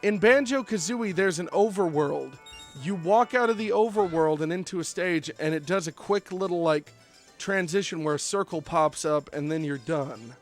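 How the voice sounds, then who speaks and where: A man's voice: a little high, normal speed, faint music behind. A man streaming a video game, chatting and telling rambling stories. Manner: rambling, animated storytelling with fillers. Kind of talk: casual gameplay chat.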